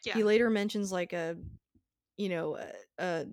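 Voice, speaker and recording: A woman's voice: medium pitch, normal speed, darkish tone, no echo, studio quality. A woman in casual chat, talking through a film's plot in a thoughtful, hedging way. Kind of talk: casual chat discussing a film.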